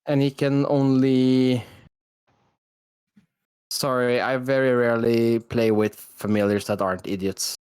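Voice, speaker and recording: A player with a mid-range voice argues the rules quickly and with insistence. The sound is dry and close. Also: medium pitch, little pitch movement, a little mellow, clear, resonant tone, no room sound. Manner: quick, argumentative. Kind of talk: casual game chat.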